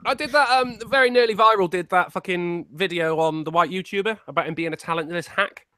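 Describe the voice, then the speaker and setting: A man chatting casually on a stream, telling swearing anecdotes and jumping his voice high for effect. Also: brisk, clean tone, no room sound, clean studio sound. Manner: animated storyteller, swears, swoops up into high voices. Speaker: stream guest. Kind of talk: casual chat.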